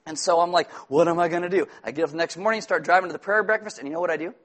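A pastor preaching with a light, high-pitched male voice. He tells stories in a lively, self-mocking way and keeps turning to the congregation with asides. His speech stays casual and conversational. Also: racing. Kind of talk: sermon.

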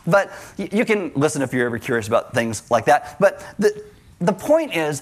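Male preacher, fairly high, lively sermon delivery with jokes. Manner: animated, joking asides, acts out quotes. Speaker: pastor.

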